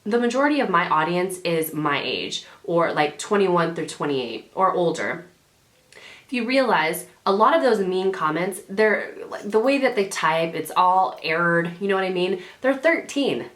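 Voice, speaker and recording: A woman's voice: fairly low pitch, animated, normal speed, fairly bright tone. Chatty woman vlogger in an echoey room. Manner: chatty, rambling, sassy, self-correcting. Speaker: beauty vlogger. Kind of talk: casual chatty advice to camera. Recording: roomy home camera audio.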